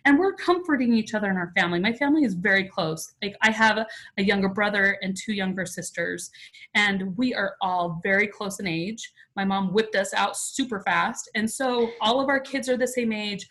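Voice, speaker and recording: A woman's voice: medium pitch, normal speed, fairly bright tone, rough recording. A woman in her forties, a podcast guest, telling a personal story in a chatty, emotional way with many "like" fillers. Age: 40s.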